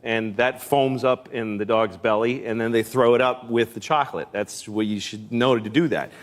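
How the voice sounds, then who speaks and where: A man guest telling a rambling, self-mocking comic story, with sudden shouted outbursts. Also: mid-range voice, steady tone, moderate pace. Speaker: comedian guest. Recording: very noisy recording.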